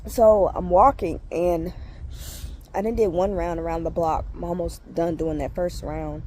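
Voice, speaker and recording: A woman's voice: lowish voice, steady tone, measured pace, warm tone. A woman vlogging outdoors on her phone, tearful and laughing as she tells a story with lots of fillers. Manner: emotional, laughing, fillers like "you know". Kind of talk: casual storytelling to camera. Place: outdoors walking on lunch break.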